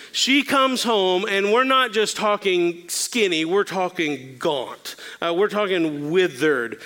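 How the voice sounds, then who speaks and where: A man's voice: sits high, bright, forceful tone. A middle-aged male pastor giving a sermon-style talk, telling candid, self-deprecating stories with the odd filler.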